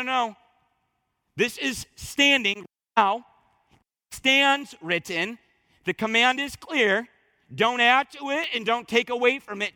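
A man preaching an expository sermon as pastor, emphatic, building to fervent peaks and then dropping low and quiet. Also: no room sound.

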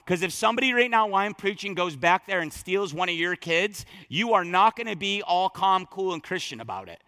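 A man preaching a sermon to his congregation, talking straight to them with emphatic, conversational delivery that drops low and surges back up. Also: expressive, a little fast, pushed and bright. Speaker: pastor. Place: church sanctuary.

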